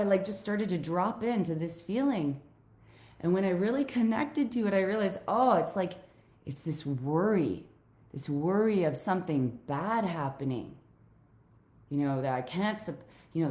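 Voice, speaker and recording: Slow, emotional swearing woman coach. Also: lowish voice, a little mellow, echoey room. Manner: raw, swearing, heartfelt. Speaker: life coach. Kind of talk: emotional personal vlog to viewers.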